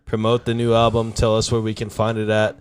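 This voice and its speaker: A man's voice: lowish voice, monotone, brisk, clean tone, no echo. A man hosting a podcast in casual chat, laid-back and sprinkled with swearing. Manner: laid-back, swears, says "dude" a lot. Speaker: podcast host.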